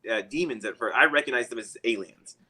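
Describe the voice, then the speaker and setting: A man's voice: medium pitch, fairly quick, sharp tone, husky, rough recording. A man, a guest, telling a long personal story in a casual, rambling way and chuckling often.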